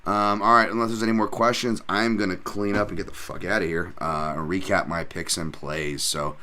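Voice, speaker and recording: Young male fight podcaster, lowish and bright, loose and profane, answering chat. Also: fairly even intonation, a little fast. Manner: rambling, profane, many fillers. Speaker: podcast host, MMA analyst. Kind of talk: live-stream podcast chat, reading chat questions.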